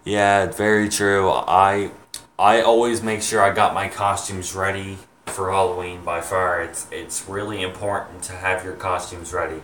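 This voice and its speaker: A young man chatting to his viewers, rambling and halting with many ums and restarts. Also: sits low, flat delivery, a bit bright, reverberant, distant mic, a little hiss or hum. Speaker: vlogger, home haunt maker. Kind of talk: rambling casual chat to viewers.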